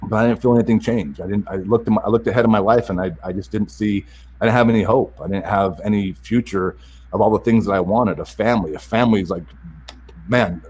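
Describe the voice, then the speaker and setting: A man's voice: on the low side, fairly even intonation, darkish tone, a little hiss or hum. A man telling a painful personal story as a podcast guest. He is earnest and openly emotional, and he often stops and restarts his sentences. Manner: earnest, halting, with frequent restarts and repeated words. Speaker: podcast guest, self-help author. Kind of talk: personal story told in an interview.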